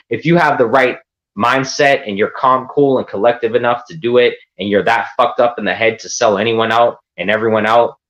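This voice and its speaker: A man's voice: fairly low pitch, a bit bright, rough recording. A man ranting defiantly on a livestream, profane and rambling. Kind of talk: livestream rant.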